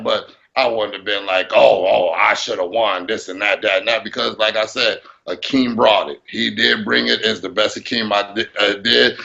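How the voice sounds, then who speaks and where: Gravelly-voiced man, low and bright. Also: lo-fi sound. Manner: animated, acts out his own thoughts. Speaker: bodybuilder guest. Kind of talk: casual interview talk.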